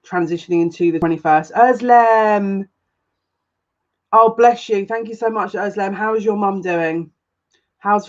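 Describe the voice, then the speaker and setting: A woman's voice: on the low side, highs cut off. Chatty woman psychic on a live stream. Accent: noticeable accent, complimented by viewers. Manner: chatty, rambling, greets viewers by name. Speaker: psychic reader. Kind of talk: live-streamed chat with viewers.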